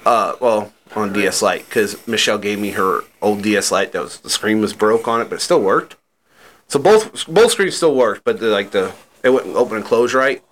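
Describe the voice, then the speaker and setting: A man with a bright, edgy voice rambles about old video games on a casual podcast. He talks loosely, swears freely and fills his sentences with "like" and "uh.". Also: lowish voice, expressive, moderate pace. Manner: loose, profane and chatty, with fillers like "like" and "uh". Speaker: podcast co-host. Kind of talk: casual chat.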